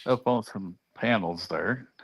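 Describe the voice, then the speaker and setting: A man's voice: fairly low pitch, slow, creaky, husky. A man on a casual livestream panel who jokes and laughs along.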